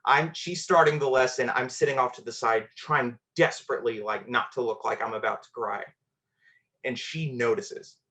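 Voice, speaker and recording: A man's voice: medium pitch, fairly even intonation, moderate pace, sharp tone. A man telling a personal story on a storytelling show, conversational and self-deprecating, with fillers.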